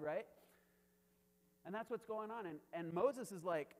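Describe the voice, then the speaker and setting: A man with a somewhat high voice preaches in a casual, conversational way, checking in with "right?" as he goes. His voice rings out with the long reverb of a large hall. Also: measured pace, a little mellow. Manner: conversational preaching, frequent "right?" asides, chuckles. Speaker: pastor. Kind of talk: sermon.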